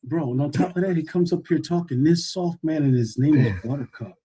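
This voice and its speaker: A man from the United States on a live debate panel, loud and mocking. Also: a little high, brisk, breathy edge.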